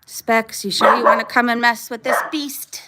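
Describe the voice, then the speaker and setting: A woman's voice: fairly high pitch, steady tone, normal speed, heavy background noise. A woman in her thirties chatting casually on a backyard livestream, talking to her dog and her viewers and laughing often. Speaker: vlogger livestreaming. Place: backyard outdoors.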